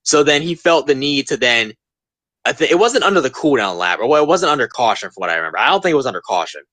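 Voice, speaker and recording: A man in his twenties hosts a casual podcast, ranting emphatically and hammering his points home. His pitch leaps and dips with real animation. The sound is dry, with no room around it. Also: big pitch swings, fast talker, a bit bright, no room sound. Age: 20s. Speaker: podcast host.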